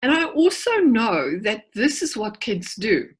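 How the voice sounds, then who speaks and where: A woman's voice: on the high side, big pitch swings, unhurried, slightly rough, poor audio. A woman in her forties, a clinical psychologist, giving a conversational talk over a video call and telling stories with frequent restarts. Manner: storytelling, with frequent word restarts. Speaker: clinical psychologist, guest speaker. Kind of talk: conversational presentation.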